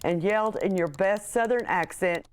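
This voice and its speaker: A woman's voice: medium pitch, moderate pace, clear, resonant tone. A woman in a news feature interview, laughing easily as she recalls her husband's love notes. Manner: amused, laughs easily, reads notes aloud. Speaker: interviewee, wife.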